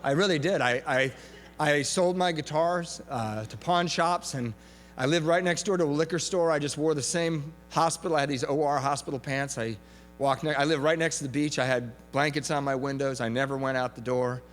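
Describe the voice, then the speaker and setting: Candid man testifying in a big hall. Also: a little high. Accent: Southern Californian. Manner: candid, self-mocking, halting restarts. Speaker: recovery meeting speaker. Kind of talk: personal testimony talk. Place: large convention hall. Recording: hall echo, faint hum.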